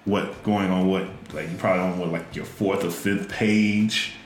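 A man's voice: low-pitched, fairly even intonation, moderate pace, reverberant. A man hosting a casual podcast interview, rambling and searching for his words as he asks questions. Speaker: podcast host.

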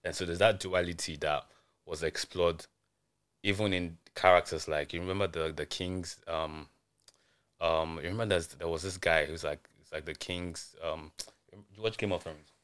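A man's voice: low voice, fairly even intonation, moderate pace, a bit bright, clear, resonant tone. A man talking casually on a podcast panel, meandering as he thinks aloud.

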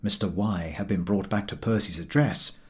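A man narrating a classic novel as an audiobook, with dramatic, expressive storytelling. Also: sits low, moderate pace.

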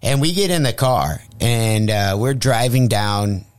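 A man's voice: on the low side, measured pace, clean tone, dry recording. A male comedian telling a profane comic story as a guest, acting out the voices he quotes. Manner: animated, acts out quoted voices. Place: radio studio.

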